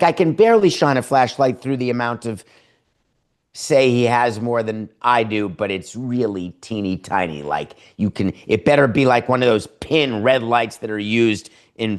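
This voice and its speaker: A man's voice: fairly low pitch, a little slow. Sarcastic man hosting a sports show. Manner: sarcastic, full of rhetorical questions; acts out imagined dialogues. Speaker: sports podcast host. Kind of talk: sports opinion monologue.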